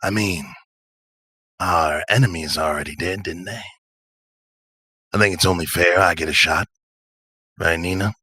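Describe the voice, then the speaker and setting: A man's voice: low voice, fairly even intonation, measured pace, pauses often, pushed and bright, slightly rough, dry recording, clean studio sound, pitched below the performer's own voice, full character voice. A man voicing an easygoing male mind-reader who loves to jam and talks in a drawling, probing way.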